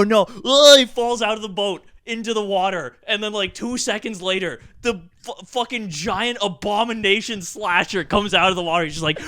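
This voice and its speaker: A man's voice: high voice, bright, forceful tone, no room sound. A young man co-hosting a gaming podcast, rambling and laughing as he swears his way through a story. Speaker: podcast co-host. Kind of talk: casual gaming podcast chat.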